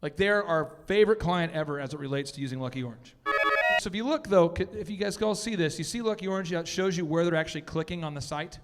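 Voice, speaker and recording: Energetic man coaching in an echoey hall. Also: a little high, fast talker, slight background noise. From Minnesota. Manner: energetic, joking, blunt. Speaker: business coach. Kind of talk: animated seminar talk.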